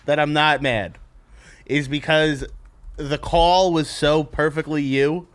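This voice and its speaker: A man's voice: fairly high pitch, steady tone, slow pace, a bit bright. A man co-hosting a podcast in a studio, teasing and cursing in casual banter. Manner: sarcastic, profane teasing. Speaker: podcast co-host. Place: radio studio.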